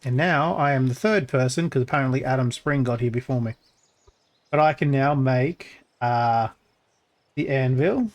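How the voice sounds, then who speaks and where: This is a male game streamer rambling through casual play-by-play at a moderate pace. He keeps thinking aloud, restarting and using lots of fillers, and his voice crackles when pushed down deep.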